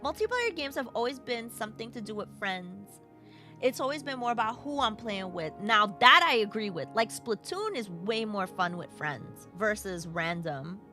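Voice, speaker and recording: A woman's voice: medium pitch, expressive, normal speed, pushed and bright, faint music behind. A woman from Brooklyn with a New York accent, live-streaming a game, chatting playfully and reading chat aloud. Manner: playful, bouncy, chatty with viewers.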